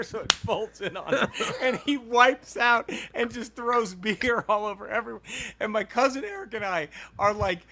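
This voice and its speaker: A man and podcast co-host telling a long, profane childhood story in casual chat, laughing as he goes. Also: high voice. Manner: animated, profane, laughs through stories.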